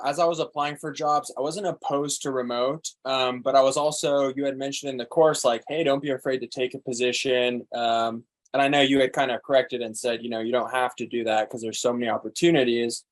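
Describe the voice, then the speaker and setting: A man speaking as an interview guest, eager and rambling. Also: mid-range voice. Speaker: guest, digital marketer.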